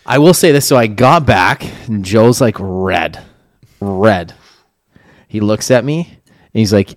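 Low-voiced man telling a story on a podcast. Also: lively intonation, slow pace, long pauses, dry recording, studio quality. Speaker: podcast co-host. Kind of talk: casual chat. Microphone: studio mic in an office.

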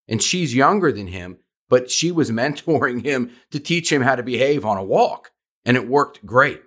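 A man's voice: medium pitch, animated, moderate pace, fairly bright tone. A man hosting a podcast, talking with enthusiasm in an easy conversational way as a dog trainer. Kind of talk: conversational interview.

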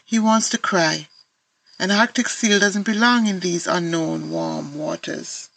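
Antiguan woman, author reading her picture book, bright voice, gravelly edge, lilting narration. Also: lowish voice, a little slow, rough recording. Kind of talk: reading her own children's books aloud.

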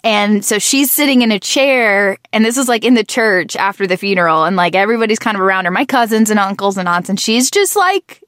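A woman's voice: medium pitch, a little fast, few pauses, a bit bright, no room sound, clean studio sound. A woman in her thirties in casual conversation, rambling and restarting her sentences, with a groggy morning voice. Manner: chatty, rambling with frequent restarts and self-corrections.

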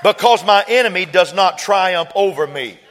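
A man preaching a sermon, quoting scripture and building from quiet talk to fervent shouting. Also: high voice, expressive, normal speed.

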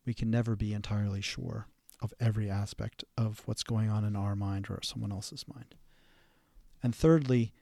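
A man, a therapist hosting a podcast, giving an instructional talk in a measured, halting way with fillers and restarts. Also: on the low side, steady tone, vocal fry, mellow, dry recording, clean studio sound.

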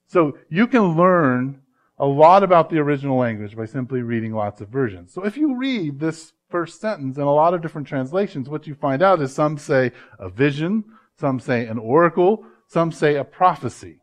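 A man, a pastor, preaching a sermon with emphatic swings from loud to hushed and slowing down to stress words. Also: on the high side.

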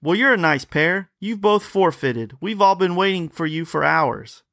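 A man's voice: sits high, expressive, moderate pace, vocal fry, a bit bright, no echo, clean studio sound, pitched above the performer's own voice, heavily acted. A man reading a ghost story aloud, voicing a brash, teasing young man calling out at a party.

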